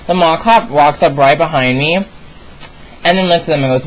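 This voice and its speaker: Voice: medium pitch, brisk, a little hiss or hum, rough recording. Exasperated young vlogger ranting. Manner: exasperated, sassy asides. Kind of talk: casual storytime rant.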